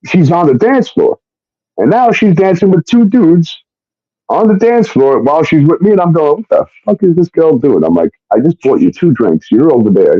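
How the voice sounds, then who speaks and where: A man's voice: mid-range voice, no echo. A man telling a personal story in a casual, rambling way, blunt and full of fillers and swearing. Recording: muffled dry recording.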